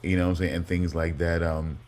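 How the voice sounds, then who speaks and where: Deep-voiced man, rambling casual chat. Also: flat delivery, brisk, darkish tone, a little hiss or hum. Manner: rambling, keeps saying "you know what I'm saying". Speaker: podcast co-host.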